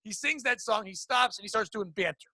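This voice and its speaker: A man's voice: high voice, fairly quick, no echo. A man hosting a podcast, telling crude, rambling stories in casual chat. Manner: crude, rambling animated storyteller. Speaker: podcast host.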